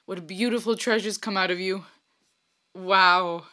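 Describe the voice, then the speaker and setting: A woman's voice: mid-range voice, fairly even intonation, unhurried, pushed and bright. A young woman hosting a music reaction, talking casually and emotionally, often lost for words and restarting her sentences. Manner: emotional, effusive, stumbling over words.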